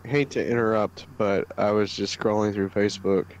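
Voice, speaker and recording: A man's voice: fairly low pitch, flat delivery, normal speed, a little mellow, low-quality recording. A man chatting casually as a player, breaking in with small talk and stammering restarts. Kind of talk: casual chat.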